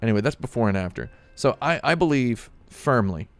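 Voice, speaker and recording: A man streaming, telling a sardonic story as a casual comedic rant, deadpan, with bursts of mock outrage. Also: mid-range voice, fairly quick, no room sound, soft background music.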